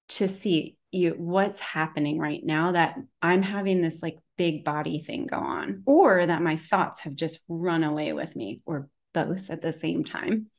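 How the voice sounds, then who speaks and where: A woman wellness practitioner talking casually and at length, rambling with lots of fillers as she tells a story. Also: sits low. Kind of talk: casual conversation.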